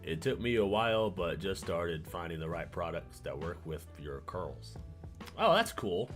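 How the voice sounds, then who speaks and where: A man's voice: low voice, sing-song, a little slow, soft background music. A man livestreaming and chatting casually with his viewers, rambling, stammering and repeating words, laughing often and getting sidetracked.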